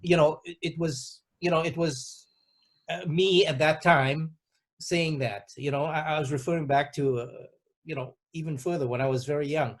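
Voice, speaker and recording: Soft-spoken, hesitant man host, fairly high. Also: steady tone, normal speed. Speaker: podcast host. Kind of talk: casual interview chat.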